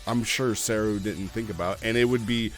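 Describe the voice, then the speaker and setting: Male host, casual off-the-cuff talk, rambling with frequent restarts, lower pitch. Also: fairly even intonation, normal speed, faint music behind. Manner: rambling, many fillers and restarts. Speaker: roleplay community host. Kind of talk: casual talk on roleplay writing.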